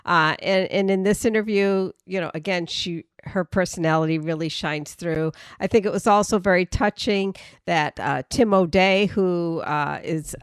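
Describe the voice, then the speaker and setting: A female podcast co-host speaks in a low, smooth, resonant voice. Dry close recording, casual and agreeable. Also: normal speed, hardly any pauses, no room sound. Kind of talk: casual chat.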